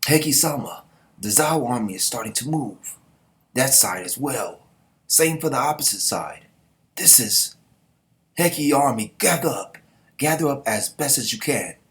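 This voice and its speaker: An earnest young male general calls his scattered army together, as a man reads him aloud. The voice is pushed higher than his natural one and sounds urgent. The reading stays simple, like a fan reading comic panels. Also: animated, unhurried, long pauses, fairly bright tone.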